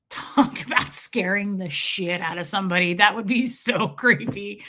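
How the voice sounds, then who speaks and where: A young woman hosting a live stream, chatting casually and reading out viewers' names in an animated, chatty way. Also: mid-range voice. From Midwest US. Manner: chatty, animated, reads chat names aloud. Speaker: livestream host.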